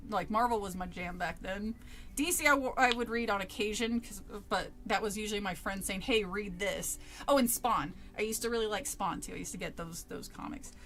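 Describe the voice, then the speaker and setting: A woman's voice: medium pitch, fairly bright tone. A woman streamer casually telling a personal story, laughing often and swearing freely.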